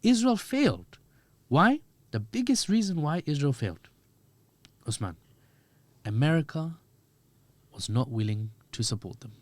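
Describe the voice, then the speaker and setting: A man talks through his analysis as a podcast guest, animated and full of jokes and asides. His voice sits on the high side for a man, and the recording is close and dry. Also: no echo. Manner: animated, joking, quick asides. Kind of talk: podcast discussion.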